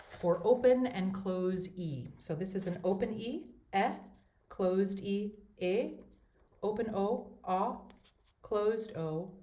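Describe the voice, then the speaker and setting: A woman giving a voice lesson as a teacher, explaining step by step in a clear, methodical way. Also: medium pitch, dark tone. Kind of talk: instructional voice lesson. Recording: roomy echo.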